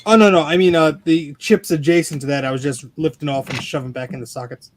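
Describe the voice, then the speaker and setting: Excitable high-voiced man laughing on a stream. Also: fast talker, a little hiss or hum. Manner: excitable, laughs often, self-mocking. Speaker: guest repairing vintage computers. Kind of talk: casual livestream chat while repairing.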